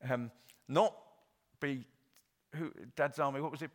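A man's voice: on the high side, steady tone, measured pace, a bit bright. A middle-aged male pastor from Wales giving an earnest, conversational sermon, with frequent ums and uhs.

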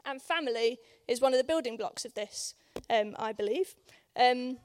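A woman with a hoarse voice preaching at a church service, talking in a conversational way with many ums and questions put to the congregation. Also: fairly high pitch, normal speed. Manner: conversational, many ums, asks the room for agreement. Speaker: guest preacher. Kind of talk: informal sermon.

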